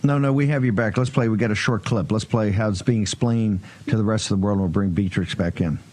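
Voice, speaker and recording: A man hosting a political talk show, speaking forcefully in short punchy bursts. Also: on the low side, brisk. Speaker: host.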